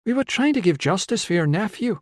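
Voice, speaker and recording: A man's voice: high voice, big pitch swings, a little fast, no echo, studio quality, pitched above the performer's own voice. A man voicing a determined young wife in ancient Rome who speaks in an urgent, commanding way. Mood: insistent. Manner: insistent and commanding.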